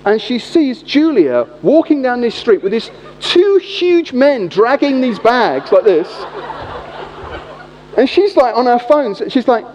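A high-pitched British man in middle age preaches with a chatty, storytelling flow. His pitch leaps all over the place. The sound carries a long reverb and is dull and lo-fi. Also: measured pace, slight background noise. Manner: animated, chatty anecdote telling. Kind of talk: sermon storytelling.

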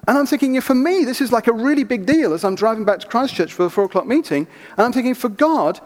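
A man preaching a sermon, telling stories in an animated, chatty way with asides. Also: very high-pitched, fast, hardly any pauses. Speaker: pastor. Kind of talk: sermon with storytelling. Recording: reverberant church hall.

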